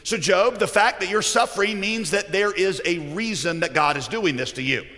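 A man's voice: sits high, moderate pace, pushed and bright, long reverb tail. A man voicing Job's know-it-all friends, pressing their case insistently. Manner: insistent, explaining. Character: Job's smug adult male friends lecturing him.

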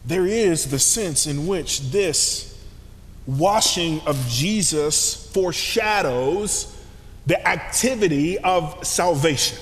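A man preaching a sermon, moving from hushed near-whispers to shouts, with slangy conversational asides. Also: lively intonation, takes it slowly. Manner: dynamic, swings from hushed to shouting. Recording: long hall reverb, faint rumble.

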